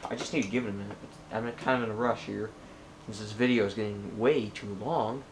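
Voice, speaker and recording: A man's voice: on the low side, steady tone, brisk, slight background noise. A young man narrating an unboxing at home, rambling and talking to himself and the computer, getting frustrated while it loads. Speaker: tech vlogger. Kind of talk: casual unboxing commentary.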